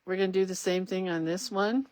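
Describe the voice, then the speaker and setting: Fairly quick and fairly even in intonation, this woman's medium-pitched, darkish voice comes through with a little hiss or hum. She hosts a casual crafting stream, rambling and reading out viewer comments as she works.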